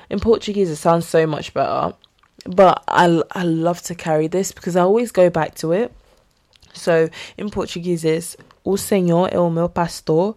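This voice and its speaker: Young woman, solo podcast host, chatty and earnest, slightly low voice. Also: a little mellow. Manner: chatty, earnest, with frequent fillers and laughs. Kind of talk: casual solo podcast talk on faith.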